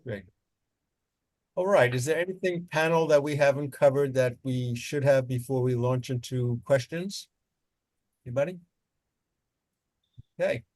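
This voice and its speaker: A man's voice: mid-range voice, unhurried, pauses often, a little mellow, no room sound. A man moderating a volunteer panel, talking casually with many fillers and restarts. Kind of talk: casual online panel talk.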